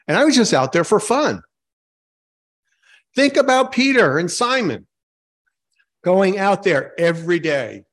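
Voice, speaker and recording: Higher-voiced man preaching conversationally. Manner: informal, asks the congregation questions, self-mocking jokes. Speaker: pastor. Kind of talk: conversational sermon.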